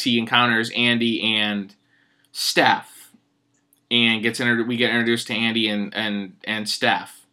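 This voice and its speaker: A man talks through a film he loves in a loose, rambling way, full of fillers and the odd curse. His voice is smooth and clear, of middling pitch, and recorded close and dry with no room sound. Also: fairly bright tone, no room sound. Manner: rambling, lots of fillers, laughs and swears. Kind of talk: casual film recap.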